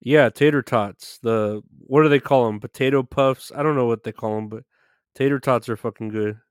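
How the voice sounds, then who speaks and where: A man's voice: medium pitch, moderate pace, smooth, dry recording, clean studio sound. Easygoing man rambling casually on stream. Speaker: live stream host reading chat. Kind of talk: casual live-stream chat.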